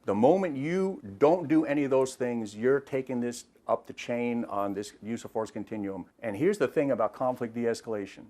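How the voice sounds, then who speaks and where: Middle-aged man, retired officer, interview talk, steady mid pitch, plain explainer who restarts phrases. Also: moderate pace, few pauses. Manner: plain, explanatory, repeats words while thinking. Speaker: retired police officer, de-escalation trainer.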